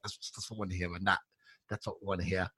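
A man's voice: low voice, level tone, rapid-fire, pushed and bright, husky. Rambling man hosting. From England. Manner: rambling, says man a lot. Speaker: podcast host. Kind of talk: casual chat.

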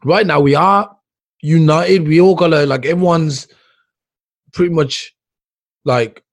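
A man's voice: fairly high pitch, unhurried. Rambling man in casual chat. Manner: rambling, lots of fillers and "dude".

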